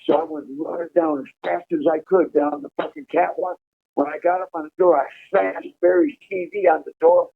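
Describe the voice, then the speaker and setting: A man telling a profane, animated prison story over a prison phone call. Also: fairly high pitch, a little fast, creaky. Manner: profane, animated storytelling, laughing at his own tale. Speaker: incarcerated caller telling prison stories. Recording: tinny phone line.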